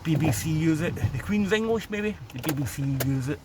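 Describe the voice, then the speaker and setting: Filming a street outdoors by a city road, a Glasgow-accented Scottish vlogger talks sardonically to camera in a casual rant. His voice is on the high side and expressive at a normal speed, set against a noisy background.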